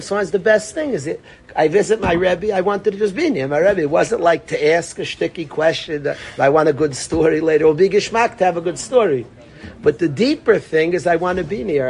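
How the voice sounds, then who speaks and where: A man's voice: fairly high pitch, a little mellow, a little hiss or hum. Chatty man teaching a religious class. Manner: conversational, repeats phrases, addresses students by name. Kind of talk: informal Torah class.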